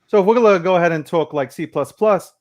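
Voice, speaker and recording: Brash, swearing man; casual stream guest, higher-pitched voice. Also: fast talker. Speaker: crypto personality guest. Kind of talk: casual livestream chat.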